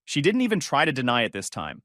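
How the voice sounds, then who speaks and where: Smug guy telling his story, cutting tone, animated pitch, dry close mic. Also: quick pace, dry recording. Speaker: narrator. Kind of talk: first-person storytelling.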